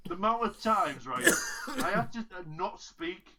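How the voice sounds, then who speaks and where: Northern English man, bright forceful voice, chatty and teasing on a casual call. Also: high-pitched, moderate pace, slight background noise. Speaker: live chat participant. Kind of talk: casual chat.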